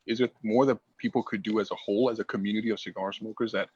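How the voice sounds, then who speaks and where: A man's voice: fairly low pitch, steady tone, fast, darkish tone, husky. A man hosting an interview asks long rambling questions, often restarting his phrases. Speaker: podcast host. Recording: dull dry remote call audio.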